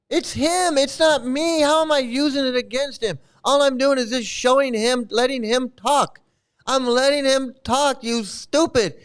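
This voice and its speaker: A man with a high voice rants his way through a commentary on a replayed stream. His tone is crisp and clean, and his remarks come out scornful and mocking. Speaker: commentary host.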